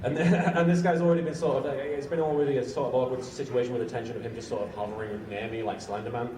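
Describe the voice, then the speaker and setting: A man's voice: mid-range voice, steady tone, fast talker, dark tone. A man telling a rambling anecdote to a convention panel audience, often restarting his sentences. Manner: rambling, self-interrupting anecdote teller. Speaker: panel guest. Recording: roomy, far from the mic, crowd noise.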